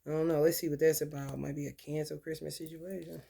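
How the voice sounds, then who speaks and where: A woman's voice: low voice, little pitch movement, fast talker, vocal fry, heavy background noise. A woman, telling blunt, profane stories and reading tarot cards in a casual talk. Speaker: tarot reader.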